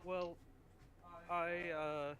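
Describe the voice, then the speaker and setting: A man's voice: sits high, level tone, extremely slow, a bit bright. A man playing in a tabletop game, answering in character with hesitant, stammering speech. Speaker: player.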